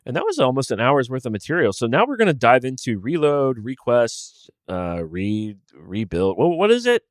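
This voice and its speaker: A man's voice: mid-range voice, big pitch swings, moderate pace, no room sound, clean studio sound. A man hosting a solo podcast, chatting casually and rambling as he thinks aloud. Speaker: podcast host.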